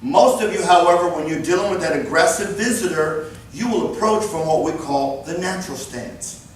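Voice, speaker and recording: A man in his fifties running a live workplace safety training class, animated and joking as he demonstrates moves. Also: a little high, a little fast, a little hiss or hum. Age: 50s. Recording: very echoey room, far mic, faint ambience.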